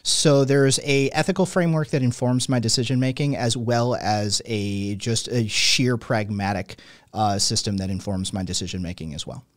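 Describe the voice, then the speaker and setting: A man's voice: lowish voice, steady tone, moderate pace, no echo, studio quality. A man in his late thirties hosting an interview, talking at length in a loose, wordy way with many fillers and restarts. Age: late 30s. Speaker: podcast host. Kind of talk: conversational interview.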